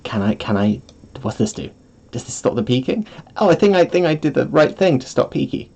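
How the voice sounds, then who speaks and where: A man's voice: mid-range voice, very animated, fairly quick, creaky, darkish tone. A man chatting casually on a live stream, rambling and giggling, self-deprecating, close to his microphone. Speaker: vtuber streamer. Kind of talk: casual livestream chat. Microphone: streaming mic, close.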